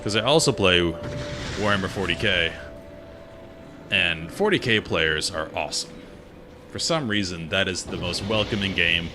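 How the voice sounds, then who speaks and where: A man streaming a game while chatting casually in a relaxed, rambling, opinionated way. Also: low voice, moderate pace, pauses often, background noise. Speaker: gaming streamer. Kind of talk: casual chat while playing. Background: game music.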